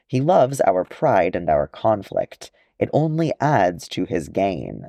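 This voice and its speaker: Solemn old wizard, voiced by a man, slow, low, warm and dark, storybook reading. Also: sing-song, gravelly, no room sound, full character voice. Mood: grave. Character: old male wizard, grave and wise.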